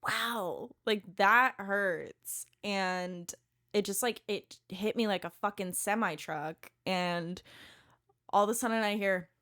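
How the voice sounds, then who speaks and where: A woman in her twenties, a podcast guest telling a story in casual chat, animated, laughing often and swearing freely. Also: medium pitch, unhurried, smooth.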